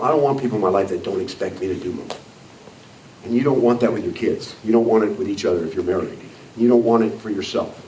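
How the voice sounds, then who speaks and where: Before an audience in a meeting room, a man in his 60s gives a blunt, emphatic motivational speech, coming back again and again to "I don't care" and "you know what?". He has a medium-pitched, darkish voice, and the echoey recording, made far from the mic, carries a little hiss or hum.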